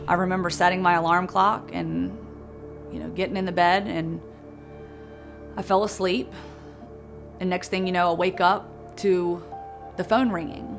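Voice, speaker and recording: A woman's voice: on the low side, steady tone, unhurried, vocal fry, long pauses, over music. A woman in her thirties, an interviewee in a family documentary, vividly recounting a tragedy in the present tense. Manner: vivid storytelling, reliving the moment in present tense. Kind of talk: emotional first-person recounting.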